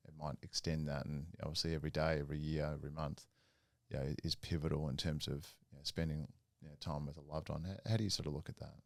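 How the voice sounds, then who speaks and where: A man with a very deep voice hosts a podcast interview, asking long, rambling questions padded with fillers. His voice is recorded dry and close. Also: creaky, fairly bright tone, no room sound. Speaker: podcast host.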